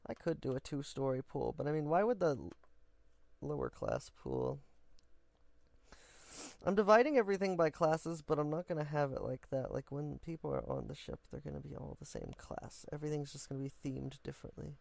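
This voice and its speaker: A man chats through a building game for his viewers in a loose, goofy way, wandering off into silly asides. His voice has a gravelly edge, and the sound is dry and close with no room around it. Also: on the high side, fast talker, few pauses, a little mellow, no room sound. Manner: chatty and goofy, rambling asides. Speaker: game building vlogger, host. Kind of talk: casual gameplay commentary.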